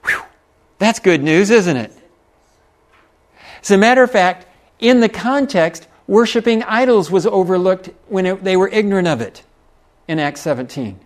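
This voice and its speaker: Folksy preacher, fairly high voice. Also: male voice, expressive, moderate pace. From Texas. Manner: storytelling, folksy, with chuckles and asides to the congregation. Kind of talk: sermon.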